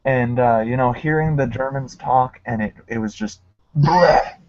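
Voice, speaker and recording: A man's voice: mid-range voice, moderate pace, a little mellow, highs cut off. A man in a casual chat, telling stories and laughing at himself. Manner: laughing, self-mocking storyteller.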